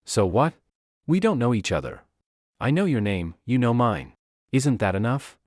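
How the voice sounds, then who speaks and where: A man's voice: mid-range voice, sing-song, normal speed, darkish tone, no echo, studio quality. A man voicing an obsessive, lovestruck young woman with fire powers, talking in a clingy, possessive way. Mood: cold. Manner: clingy, pleading then coldly possessive.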